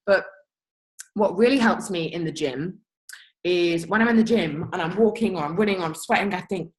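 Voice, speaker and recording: A young woman leading her team over a video call, giving an energetic, blunt motivational rant with swearing and laughter. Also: fairly low pitch, normal speed, rough recording. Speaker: team leader.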